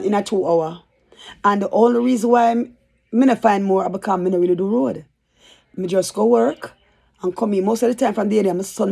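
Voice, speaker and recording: Gravelly woman vlogging. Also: medium pitch, dark tone. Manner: rambling, chatty storytelling. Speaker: YouTuber. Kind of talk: casual storytime vlog.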